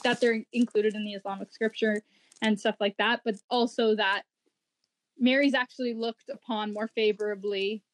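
Mid-pitched woman; careful, explanatory conversational tone, dry recording. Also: no room sound, low-quality recording. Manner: careful, explanatory, with small restarts. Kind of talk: casual conversation.

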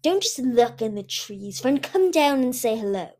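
A woman's voice: a little high, sing-song, moderate pace, dark tone, pitched above the performer's own voice. A woman voicing a cruel, commanding male dragon guard who mocks the others. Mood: mocking. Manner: mocking, commanding.

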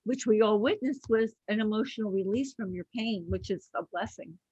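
Woman interviewer, effusive, sympathetic, husky voice, dry sound. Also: mid-range voice, brisk, dark tone, dry recording, muffled recording. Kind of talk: supportive interview.

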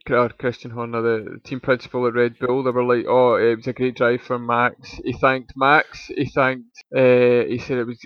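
A man's voice: mid-range voice, no echo, dull audio. Dry-humored man on a podcast. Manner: dry, teasing, talks through race analysis. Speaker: podcast co-host. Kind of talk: casual chat.

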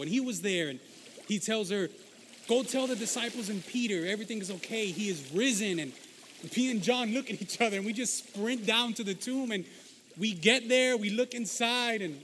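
A man playing the disciple Peter, an impulsive fisherman who talks loudly and emotionally. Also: sits high, a little hiss or hum. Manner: excitable, loud, emotional storyteller. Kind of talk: Christian skit acting.

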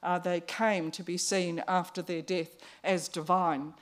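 A woman preaching a conversational sermon, pausing on fillers and restarts. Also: fairly low pitch, little pitch movement.

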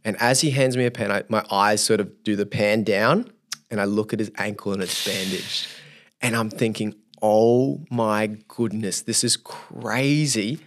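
A man's voice: lowish voice, normal speed. A young man, a youth leader telling a story as a podcast guest, acting out his own thoughts as he goes. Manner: animated storyteller who acts out his own inner thoughts.

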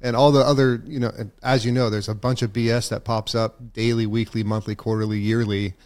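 Guy hosting a podcast, chill and encouraging, mid pitch. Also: little pitch movement, fairly quick, a little mellow. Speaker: podcast host. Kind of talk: casual podcast interview.

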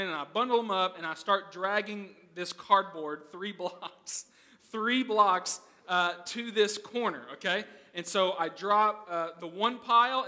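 An American pastor with a high, bright, forceful voice preaches a sermon, telling stories in a chatty, conversational way. He keeps checking in with the audience, repeatedly asking "okay?".

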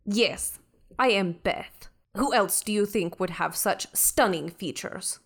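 A woman's voice: mid-range voice, slow. A woman voicing a haughty female ship computer in a tabletop game, boastful and openly threatening. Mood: imperious.

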